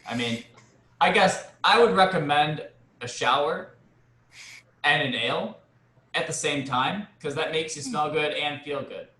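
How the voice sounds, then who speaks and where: A man playing a tabletop role-playing game, talking in a hesitant, halting way. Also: on the high side, pushed and bright, reverberant. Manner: hesitant, halting speech with fillers. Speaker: player. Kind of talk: tabletop role-play chat.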